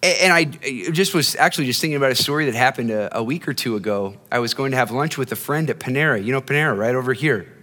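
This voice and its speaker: A man's voice: mid-range voice, fast talker, hardly any pauses, bright, forceful tone. A male pastor preaching a sermon in a conversational, storytelling way, often restarting his phrases. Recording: long hall reverb.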